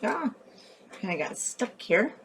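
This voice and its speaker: A woman's voice: mid-range voice, very animated, slow, very noisy. A woman hosting a craft tutorial, chatting as she works and often correcting herself. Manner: chatty, thinking aloud while working, often self-correcting.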